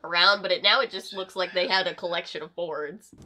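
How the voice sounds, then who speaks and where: A woman hosting a casual movie watch-along at home, chatting in rambling asides with quick laughs. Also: lowish voice, fairly even intonation, pushed and bright. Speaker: host. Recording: background noise under the talk.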